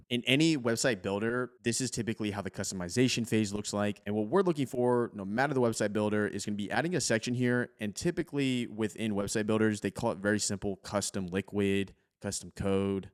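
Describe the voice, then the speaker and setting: A man hosting a casual screen-recording tech tutorial, talking in a relaxed, conversational way with plenty of "like". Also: on the low side.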